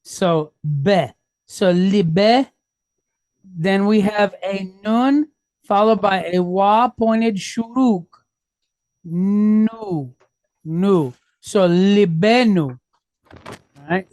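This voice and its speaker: A woman leads a reading lesson at an unhurried, deliberate pace. She breaks each word into syllables and sounds them out patiently, checking in with the class as she goes. Her voice sits mid-range and sounds dry and close. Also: medium pitch, a little mellow, no room sound. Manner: sounds out syllables slowly, step by step. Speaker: Hebrew reading teacher.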